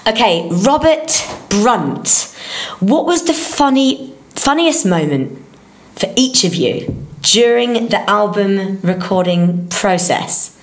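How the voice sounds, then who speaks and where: A woman's voice: mid-range voice, lively intonation, slow pace, roomy sound. A woman co-hosting a casual chat, reading out fan questions and joking freely. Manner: reads fan questions, swears and jokes freely. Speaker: co-host.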